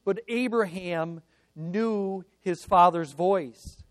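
A man delivers a sermon in a notably high voice at a slow, deliberate pace. His storytelling is earnest, swinging from emphatic peaks to quiet confessional passages. The sound is dry and close, with no room echo. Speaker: preacher.

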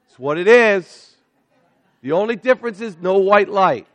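Animated male pastor preaching. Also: high voice, moderate pace, no room sound. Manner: animated, swings from loud to hushed. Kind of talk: sermon.

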